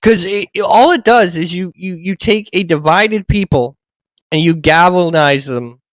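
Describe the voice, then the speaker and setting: A man's voice: sits high, measured pace, no room sound, low-quality recording. A man hosting a casual history chat show, thinking aloud and often stammering and repeating words. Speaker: podcast host.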